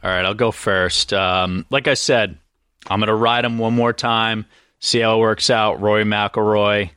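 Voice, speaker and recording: A man's voice: fairly low pitch, unhurried, clean tone, no room sound, studio quality. A man co-hosting a golf podcast, casually running through his picks with jokes and asides. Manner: relaxed, joking, rambling picks. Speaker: podcast co-host. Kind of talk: casual golf betting chat.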